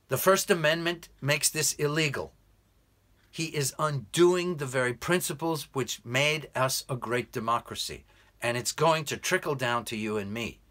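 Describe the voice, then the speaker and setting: An American man, an English tutor, delivering an earnest, urgent political commentary monologue with slow, emphatic stresses. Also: medium pitch, pushed and bright. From United States.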